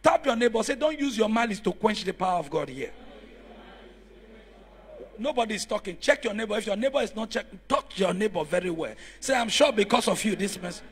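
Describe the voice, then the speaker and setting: A man preaching a sermon in church, telling stories and rising to shouts as he calls on the congregation. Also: high-pitched, lively intonation, brisk. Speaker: pastor.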